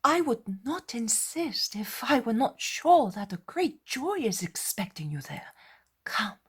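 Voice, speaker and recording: A woman's voice: a little high, sing-song, unhurried, breathy edge, pitched above the performer's own voice, exaggerated voice. A woman voicing an adult fisherman who coaxes and reassures his brother. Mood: coaxing. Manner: coaxing, reassuring.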